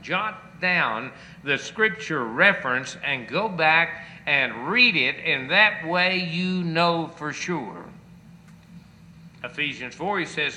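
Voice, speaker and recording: A man's voice: mid-range voice, bright, forceful tone, a little hiss or hum, rough recording. A male pastor preaching a sermon, quoting scripture with chapter and verse and pressing his listeners with rising rhetorical questions.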